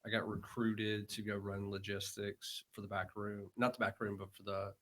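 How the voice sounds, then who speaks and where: A man's voice: on the low side, moderate pace. A man, chatting casually on a podcast and telling a laid-back work story. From Alabama. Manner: relaxed, short backchannel replies. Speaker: podcast co-host.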